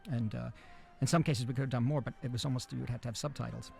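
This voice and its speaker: A man talks through a film commentary in a halting way, stopping and restarting often. His voice has a heavy gravelly fry at a middling pitch. Faint music plays underneath. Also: fairly even intonation, darkish tone. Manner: halting, many fillers and restarts. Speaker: film director giving commentary.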